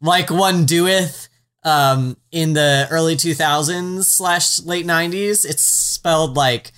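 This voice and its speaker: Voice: medium pitch, slow, fairly bright tone, clear, resonant tone. A podcast co-host recapping a TV series in casual chat, rambling through asides with a wry, sarcastic edge and the odd swear word. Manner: rambling and self-interrupting, with frequent "like" and "um" asides.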